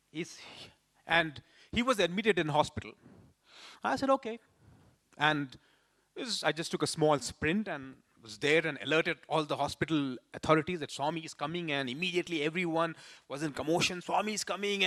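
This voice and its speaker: Animated man telling a story. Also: a little high, moderate pace. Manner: animated storyteller, acts out quoted voices. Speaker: speaker sharing devotional memories. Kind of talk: storytelling talk to a live audience.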